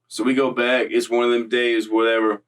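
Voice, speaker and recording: A young man tells a story casually, in streetwise slang full of profanity and loose asides. His voice sits at a middle pitch. It is picked up from a little away from the mic. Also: flat delivery, a little fast, far from the mic, poor audio.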